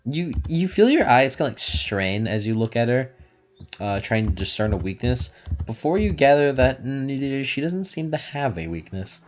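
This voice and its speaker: A man's voice: mid-range voice, very animated, normal speed, dull audio. A man narrating a tabletop game as game master, explaining rules in a rambling way full of fillers.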